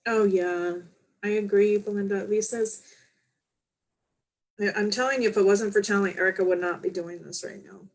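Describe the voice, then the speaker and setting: A tired woman speaks as a medium on a casual livestream. Her delivery is soft and heartfelt, halting now and then on fillers, with a voice of ordinary pitch for a woman. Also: fairly even intonation, rough recording. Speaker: spiritual medium hosting a livestream.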